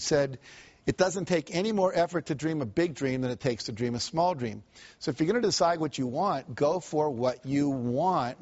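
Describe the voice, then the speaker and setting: A man's voice: medium pitch, darkish tone, muffled recording. Man giving a motivational seminar talk. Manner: storytelling, acts out quoted voices; asks the audience questions. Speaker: motivational speaker.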